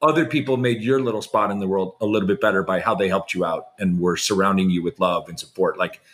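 A man co-hosting a podcast, chatting casually and warmly, with many fillers like "like". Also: low voice, fast. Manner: effusive, heavy use of "like", warm praise. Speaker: podcast co-host. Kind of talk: casual chat.

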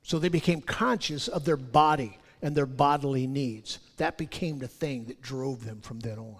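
A man preaching a sermon, rising loud on his key points and dropping low for scripture. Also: normal speed. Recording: long hall reverb.

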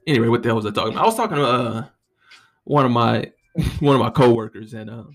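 A man's voice: medium pitch, animated, quick pace. A young man hosting a podcast alone, rambling in a casual, profane way with a lot of "you know what I mean.". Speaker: podcast host. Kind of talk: casual solo monologue.

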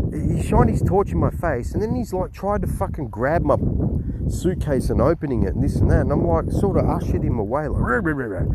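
A man with an Australian accent telling a travel story in a rambling way, swearing often and restarting sentences. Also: medium pitch. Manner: rambling and profane, with many restarts. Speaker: travel vlogger. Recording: noisy recording with clicks. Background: steady background noise.

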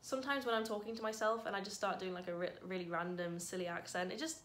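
A woman speaks straight to her camera in a casual vlog, her voice at a middle pitch. She sounds gentle and grateful, musing quietly, then lifting into bright bursts of enthusiasm. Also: steady tone, quick pace. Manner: warm, grateful, softly reflective with sudden bright bursts. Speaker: vlogger.

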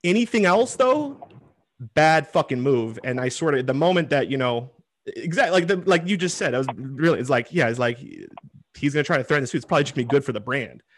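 A man hosting a casual interview, giving his views in a halting way with lots of repeated words. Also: mid-range voice, lively intonation, no room sound.

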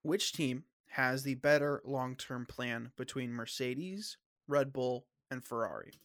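A man hosting a casual sports podcast, opinionated and halting, often restarting his sentences, with a bit of a cough. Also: medium pitch, a bit bright, no echo, clean studio sound. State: coughing, clearing throat. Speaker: podcast host.

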